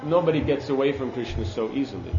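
A man's voice: mid-range voice, lively intonation, fast, echoey room, muffled recording. Man giving an emphatic scripture lecture. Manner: earnest, emphatic teaching with Sanskrit terms. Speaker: speaker giving a scripture class. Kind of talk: sermon on scripture.

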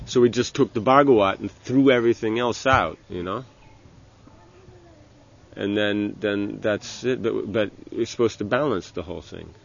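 The dull, lo-fi recording captures a spiritual teacher's conversational religious lecture. His low, gravelly voice halts and circles back through restarts, fillers, and many "you know"s.

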